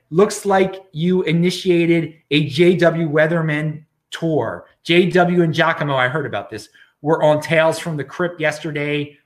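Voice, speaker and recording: Recorded in an echoey room, this show host speaks bluntly and with emphasis in a bright voice on the high side. Reading questions from chat, he frequently trips over his words and starts again.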